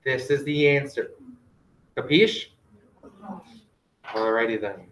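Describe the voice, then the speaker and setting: A male teacher giving a classroom math lesson, gently directing students and quizzing them with questions. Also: medium pitch, slow pace, a little hiss or hum. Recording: echoey classroom.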